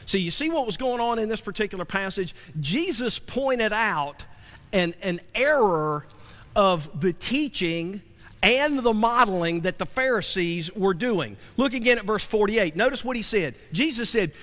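A male pastor delivers a sermon in a church sanctuary, his voice high and bright. He repeats phrases and fires rhetorical questions at the congregation. The sound carries a long hall reverb. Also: big pitch swings, measured pace. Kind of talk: sermon with opening prayer.

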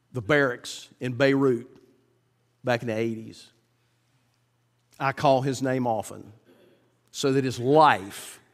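A middle-aged man preaching a sermon as pastor, emphatic, climbing high when he quotes and slowing down to read scripture. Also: long reverb tail. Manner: emphatic, rises sharply when quoting, slows to read scripture.

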